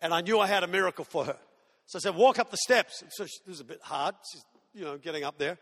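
A male preacher telling a story in his sermon, animated and self-mocking, acting out the voices of the people in it. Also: fairly high pitch, rapid-fire, big-room sound.

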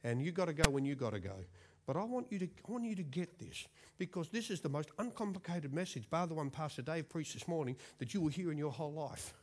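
A man in his fifties with an Australian accent preaching a sermon in a church, lively and joking, often repeating words for emphasis. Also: fairly high pitch, quick pace, few pauses. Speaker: pastor.

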